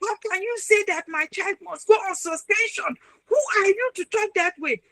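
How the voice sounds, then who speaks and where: A woman with a Nigerian accent, a speaker at a webinar, voicing an angry parent who scolds an official in a raised, high voice. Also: normal speed, bright, forceful tone, no echo, clean studio sound, exaggerated voice. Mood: indignant. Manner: scolding, indignant.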